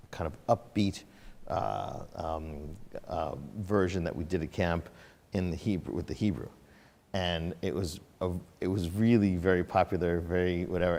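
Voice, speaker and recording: A man's voice: deep voice, a little mellow. A man leading a livestreamed prayer service in a sanctuary. He sings chanted prayers and makes casual, rambling remarks between them. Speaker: service leader. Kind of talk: singing prayers and chatting with an online congregation. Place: synagogue sanctuary. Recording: long reverb of a large sanctuary.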